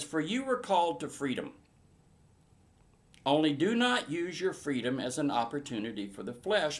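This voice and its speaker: A man teaching verse by verse through a Bible passage in an earnest manner, rising to emphatic bursts. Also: on the high side.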